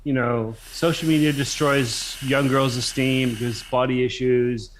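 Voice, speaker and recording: A man's voice: mid-range voice, steady tone, slight background noise. A man in a casual live chat who probes with questions and challenges points. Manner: probing, questioning, quick to challenge.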